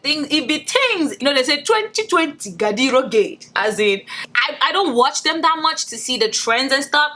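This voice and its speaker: A young woman from Nigeria talking straight to camera in a casual, profane, animated commentary vlog. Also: fairly high pitch. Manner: blunt, profane, animated rants with mocking put-on quotes. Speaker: beauty vlogger.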